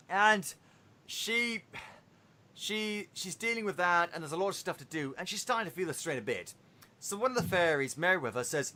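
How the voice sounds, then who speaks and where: Lively, bright-voiced man ranting on a podcast. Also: sits high, moderate pace. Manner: animated, swearing, exaggerated retelling. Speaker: podcast host. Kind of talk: casual podcast review.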